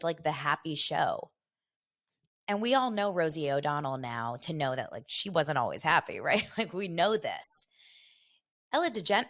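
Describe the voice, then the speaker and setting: A woman in her forties hosts a casual pop culture chat with a slightly low voice. She tells stories with animated, dramatic retellings of her own reactions, and sounds a bit stuffy from a cold. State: has a cold. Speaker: host of a daily pop culture show.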